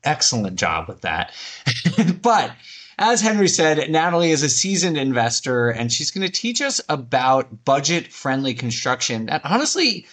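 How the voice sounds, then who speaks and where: A man's voice: on the high side, sing-song, moderate pace, a bit bright. Upbeat man hosting a podcast. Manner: upbeat, friendly. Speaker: podcast host. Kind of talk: podcast interview.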